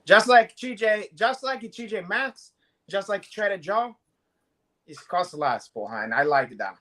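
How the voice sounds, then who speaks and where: A man with a Brazilian Portuguese accent, a podcast co-host trading goofy jokes and loud impressions in casual banter. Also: sits high, animated, unhurried. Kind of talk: joking banter.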